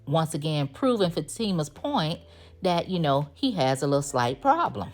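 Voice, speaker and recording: Over soft background music, a woman hosting a TV recap tells the episode's story casually and sassily, performing the characters' lines. Her low voice swings widely in pitch at a normal speed.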